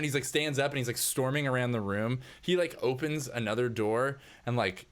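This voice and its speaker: A man's voice: mid-range voice, moderate pace, few pauses. A man narrating a tabletop game as game master in a casual manner, full of filler words.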